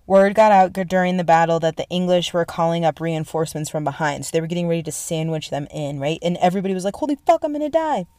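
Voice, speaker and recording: A young woman with a slightly low voice excitedly retells a history story, talking fast with few pauses, swearing freely, and peppering it with "like" and "right?". Her voice is smooth, and the recording is dry and close with no room sound.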